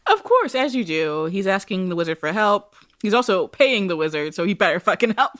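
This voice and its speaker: A woman's voice: mid-range voice, sing-song, a little fast, fairly bright tone. A woman co-hosting a casual rewatch podcast, giving wry, sarcastic commentary and stretching out words for emphasis. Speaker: podcast co-host.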